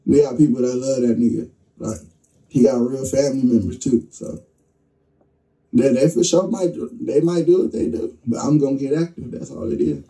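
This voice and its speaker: A young man telling a story with excitement, acting out what people said, in an interview clip. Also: mid-range voice, normal speed, far from the mic, low-quality recording. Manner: excited, vivid, acts out quotes. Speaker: interview guest. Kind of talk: animated storytelling.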